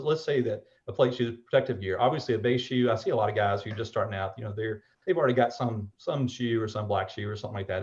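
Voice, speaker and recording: A man's voice: on the low side, lo-fi sound. A man in his forties talking on a call as a fatherly mentor about umpire gear, rambling with lots of fillers. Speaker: umpire equipment seller and mentor. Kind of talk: casual call-in chat.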